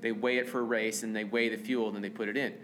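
A man hosting a casual chat, talking in a chatty, animated way. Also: lowish voice, quick pace. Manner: chatty, animated when puzzled. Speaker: host. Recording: noisy recording.

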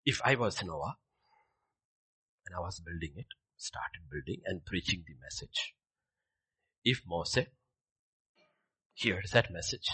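A man's voice: low-pitched, a bit bright, breathy edge. A man preaching a sermon in a dramatic way, acting out scripture scenes as he goes.

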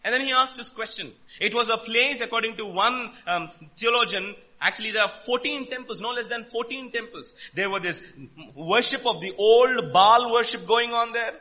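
A man preaching a sermon, emphatic and full of rhetorical questions, swinging between loud and quiet. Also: very high voice, normal speed. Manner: emphatic, rhetorical questions, rises and drops in volume.

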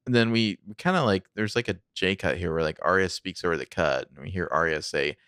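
A man co-hosting a recap podcast in a casual chat, relaxed and wry, with lots of fillers. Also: low-pitched, brisk, clear, resonant tone, no echo, studio quality. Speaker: podcast co-host recapping a TV episode. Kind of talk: casual chat, narrating scenes.

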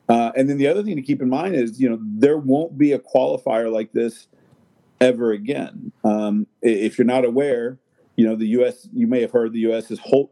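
A man's voice: mid-range voice, dark tone. A man talking soccer in a loose, rambling way, with lots of fillers and restarts. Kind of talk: casual chat.

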